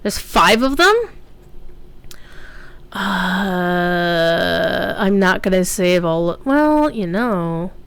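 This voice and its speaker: A woman's voice: lowish voice, lively intonation, drawn-out words, long pauses, fairly bright tone, clear, resonant tone. A woman streaming a game, chatting casually and rambling through asides with plenty of fillers and offhand swearing. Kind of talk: casual gameplay commentary.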